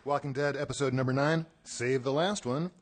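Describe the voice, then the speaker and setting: A man's voice: mid-range voice, normal speed, a loud crowd, heavy background noise. A man co-presenting award nominees, joking and hesitating with many fillers, speaking from a little away from the microphone.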